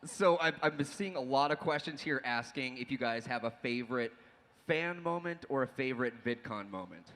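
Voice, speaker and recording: A man moderating a panel, briskly reading out audience questions. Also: mid-range voice, lively intonation, a bit bright. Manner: brisk, moves things along.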